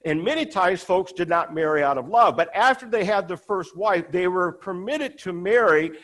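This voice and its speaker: A man with a notably high voice delivers a sermon in an easy, conversational way. He retells the scripture passage with asides, and he voices the characters' lines by pushing his pitch higher. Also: lively intonation, moderate pace, a bit bright. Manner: conversational, acts out quoted dialogue with rising pitch. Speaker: preacher.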